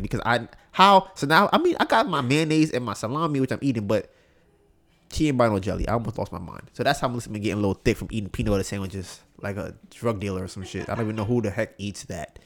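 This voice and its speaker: A man's voice: lowish voice, fast. Young guy rambling on his podcast, slangy, voice jumps around a lot. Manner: animated, slangy, acts out both sides of a story. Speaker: podcast host. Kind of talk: casual storytelling monologue.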